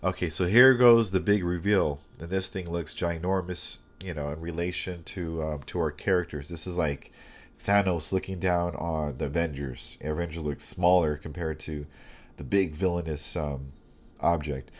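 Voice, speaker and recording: A man teaching a step-by-step digital comic drawing lesson, thinking aloud with frequent pauses and restarts. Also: sits low, steady tone. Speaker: comic art instructor.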